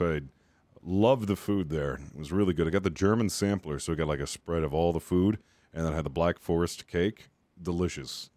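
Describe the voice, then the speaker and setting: Deep-voiced streamer man, rambling casually. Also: darkish tone, no room sound. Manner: rambling, swears freely. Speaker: game streamer. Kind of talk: casual chat with stream viewers.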